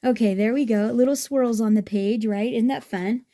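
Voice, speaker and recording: A woman with a soft, mellow tone talks through a scrapbooking project in a relaxed, chatty way. She gushes with enthusiasm and often restarts her sentences as she thinks aloud. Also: a little high, normal speed, slight background noise. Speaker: craft vlogger. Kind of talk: casual craft tutorial chat.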